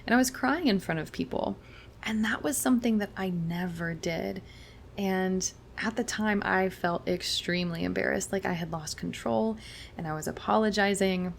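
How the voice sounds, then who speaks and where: A young adult woman, a chiropractor hosting a wellness talk, explaining in a soft, reassuring way and slowing down for emphasis. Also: mid-range voice, vocal fry, slight background noise. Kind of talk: gentle explanatory monologue.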